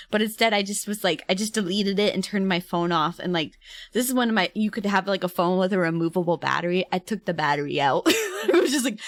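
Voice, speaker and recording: A woman's voice: mid-range voice, normal speed, a bit bright, no room sound. A woman streamer chatting casually with viewers, rambling and laughing often. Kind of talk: casual livestream chat.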